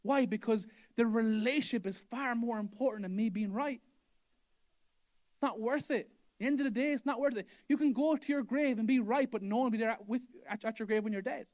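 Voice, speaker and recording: A man with a notably high voice delivers a sermon as a pastor. He preaches with emphasis, circling back to the same phrases again and again to drive his point home. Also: brisk, darkish tone. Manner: emphatic, repeats key phrases for effect. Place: church hall.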